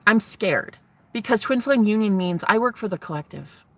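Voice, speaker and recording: In a medium-pitched, fairly bright voice with lively intonation and moderate pace, a woman vlogger talks to her audience. Her casual spiritual monologue is candid, profane, and emotionally rambling, and she keeps cutting herself off to start sentences again.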